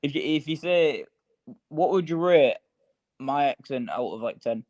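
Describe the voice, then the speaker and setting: A man's voice: fairly high pitch, animated, measured pace, darkish tone. A man with a British accent chatting casually on a livestream, curious and talkative, full of questions. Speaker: livestream guest. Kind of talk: casual chat. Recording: dull voice-chat audio.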